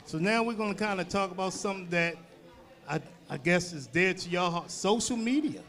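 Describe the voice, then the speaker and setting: Male podcast host, high voice, easygoing questions. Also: fairly quick, faint music behind. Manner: relaxed, joking questions with "you know" fillers. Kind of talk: casual podcast chat.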